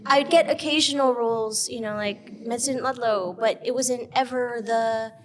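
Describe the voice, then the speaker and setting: Speaking at normal speed in a voice on the high side, an actress and filmmaker appears as an interview guest. She's animated and casual, laughs a lot, and fills her speech with "like" and "um."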